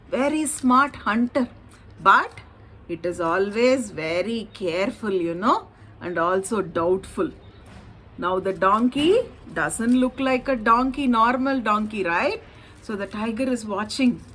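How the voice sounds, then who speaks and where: Breathy woman telling a kids' story. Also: fairly high pitch, low-quality recording. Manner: animated, asks listeners questions. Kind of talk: storytelling for children.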